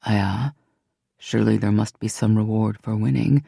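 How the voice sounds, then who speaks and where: Rain: a narrator doing a low, proud fey king. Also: fairly even intonation, vocal fry, dark tone, slightly rough, no room sound, studio quality. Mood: commanding, teasing. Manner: low, slow and intimate. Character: proud, seductive immortal male fey king.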